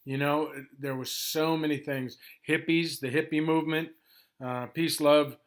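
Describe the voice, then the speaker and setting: A man in his sixties with a gravelly voice, pitched a little high but held flat with little rise and fall. He hurries through an informal history overview, filling gaps with ums and restarting sentences as he goes. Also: measured pace. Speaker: history presenter.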